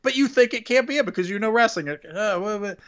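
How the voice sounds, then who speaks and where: Excitable man recapping a match, lo-fi. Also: sits high, fast talker. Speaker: podcast co-host. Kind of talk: casual wrestling podcast chat. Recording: dull lo-fi sound.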